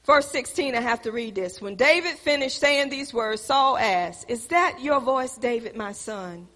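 High, bright-voiced woman preaching a sermon. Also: animated, measured pace. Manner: preaching with rising fervor, addressing the congregation. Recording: long hall reverb.

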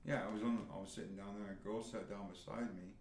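Gravelly low-voiced man in his fifties. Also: fairly even intonation, a little mellow. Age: 50s. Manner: rambling storyteller, halting with fillers. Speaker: podcast guest. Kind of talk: casual chat. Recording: roomy room with faint background hum.

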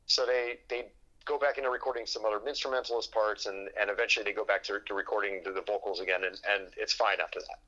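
A man tells a story in relaxed conversation, and his voice sits a little low but sounds bright and forward. He loops through fillers and false starts and slips into the voices of the people he quotes. The recording is dull and lo-fi. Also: fairly quick. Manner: rambling, full of fillers and restarts, acts out quoted dialogue. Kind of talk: casual chat.

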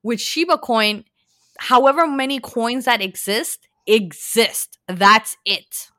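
A woman hosting a casual podcast, animated and talking straight to her listeners about the news. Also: on the high side, takes it slowly, dry recording, studio quality. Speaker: podcast host presenting news. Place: lives in New York.

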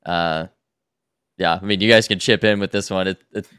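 A man's voice: low voice, steady tone, moderate pace, fairly bright tone, clear, resonant tone, no echo, studio quality. A man hosting a podcast, talking in a thoughtful, loose way with many fillers. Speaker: podcast host. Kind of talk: casual chat.

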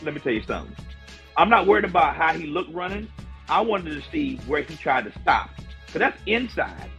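Man co-hosting, joking, emphatic, lively swooping voice. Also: fairly high pitch, fairly quick, gravelly, lo-fi sound, faint music behind. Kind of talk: casual chat.

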